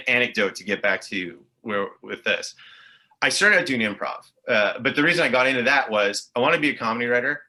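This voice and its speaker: Bright-voiced rambling Montreal man. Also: on the low side. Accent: English Canadian (Montreal Anglophone). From Montreal, Quebec. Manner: rambling, tangential storytelling with frequent swearing. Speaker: guest, actor and improviser. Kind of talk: casual podcast chat.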